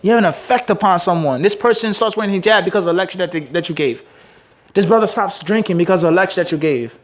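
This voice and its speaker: Teaching hadith as a mufti, a man with a strikingly high voice keeps his listeners engaged through call-and-response questions. He reads Arabic passages at a quick clip during this religious lecture.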